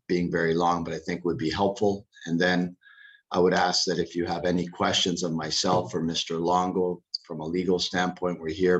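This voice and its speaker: A man speaking as a lawyer to a town council, measured and formal, with the odd restart. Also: deep voice, dull audio.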